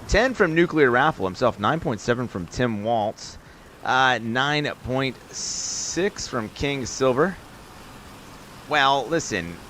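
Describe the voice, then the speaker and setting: Bright-voiced upbeat male game streamer. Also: mid-range voice, slight background noise. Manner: chatty, upbeat, talks straight to viewers in chat. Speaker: live-stream host and game commentator. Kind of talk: live-stream chat and play-by-play commentary.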